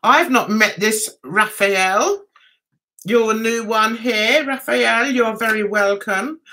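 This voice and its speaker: A woman's voice: on the high side, slow pace, sharp tone. A woman from England hosting a casual livestream chat, reading out viewer comments and giggling often. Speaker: livestream host.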